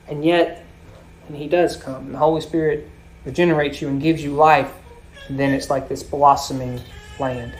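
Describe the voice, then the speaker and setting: A man preaching a sermon, explaining scripture with swells and sudden drops in loudness. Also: fairly high pitch, steady tone, normal speed. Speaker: pastor.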